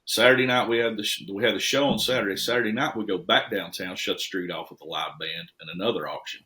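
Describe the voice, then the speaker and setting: Folksy shop owner, low-pitched male, animated guest storyteller. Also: fast talker. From Tennessee. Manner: folksy, animated storyteller with lively swings in loudness. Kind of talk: casual podcast storytelling.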